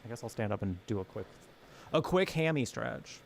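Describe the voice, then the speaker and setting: A man's voice: mid-range voice, expressive, normal speed, creaky, a little hiss or hum. A man giving playful, goofy let's-play commentary while reading game text aloud. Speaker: gaming streamer.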